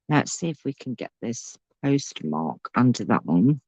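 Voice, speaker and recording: A woman's voice: very deep voice, big pitch swings, a little slow, hardly any pauses, darkish tone, breathy edge, dry recording, muffled recording. A woman hosting a casual crafting livestream, chatting and thinking aloud as she works. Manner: chatty, thinks aloud, talks to her pet. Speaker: craft channel host.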